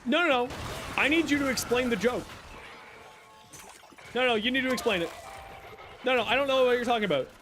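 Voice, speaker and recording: A man's voice: very high-pitched, fairly quick, long pauses, music in the background. A young man streaming a video game, chatting casually with his viewers, reacting to chat and teasing them. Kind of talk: casual live-stream chat while gaming.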